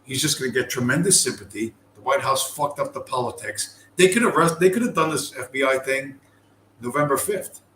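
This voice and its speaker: A man with a medium-pitched, slightly bright voice talks briskly in an echoey room with faint ambient noise. As a podcast host, he goes on a casual, profane, rambling rant full of heated asides.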